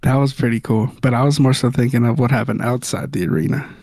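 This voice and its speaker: A man's voice: medium pitch, steady tone, quick pace, a little mellow, husky, no room sound. A young man from Southern California, co-hosting a casual podcast chat and telling stories in a laid-back, wry way. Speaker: podcast co-host.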